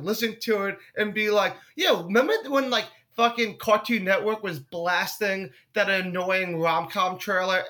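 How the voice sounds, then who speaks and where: A young man chatting on a podcast with a high, bright, sharp-edged voice. He talks in an animated, loose way, swearing freely and slipping into silly impressions. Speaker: podcast co-host. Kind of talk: casual podcast chat.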